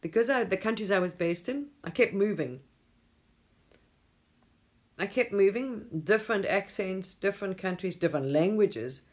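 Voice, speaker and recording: Speaking at normal speed with lively intonation, long pauses, and a slightly mellow mid-range tone, a middle-aged English livestream host chats late at night on her phone. She rambles, chuckles a lot, and imitates voices whenever she quotes someone.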